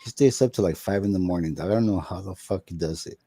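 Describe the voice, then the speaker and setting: A man's voice: sits low, fast, mellow. A tired man rambling in a late-night stream chat, full of slang and swearing. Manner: slangy, says bro and dog, swears, rambling.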